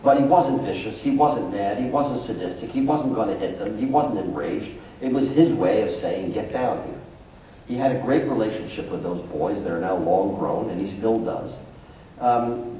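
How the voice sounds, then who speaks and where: Warm-voiced male psychologist in echoey hall. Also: fairly low pitch, sing-song, normal speed, recorded from a distance, a little hiss or hum. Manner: anecdotal storytelling, acts out quotes. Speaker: psychologist giving a talk to parents. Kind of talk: public talk to an audience. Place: school hall.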